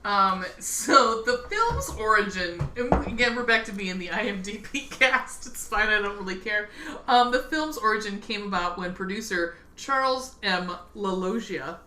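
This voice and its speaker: A woman's voice: medium pitch, animated, moderate pace, bright, forceful tone. A woman co-hosting a casual podcast, laughing and swearing freely as she reads out film notes. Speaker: podcast co-host. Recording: roomy with faint background noise.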